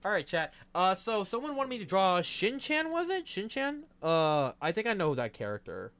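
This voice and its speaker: A young man chatting casually to his live-stream chat while drawing, excitable and swearing often. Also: high voice, normal speed.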